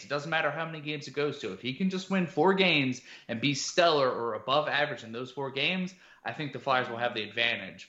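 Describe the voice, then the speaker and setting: A man's voice: medium pitch, sharp tone. Man rambling about sports, roomy lo-fi sound. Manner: rambling, filler-heavy analysis. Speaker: podcast co-host. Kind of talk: casual sports chat.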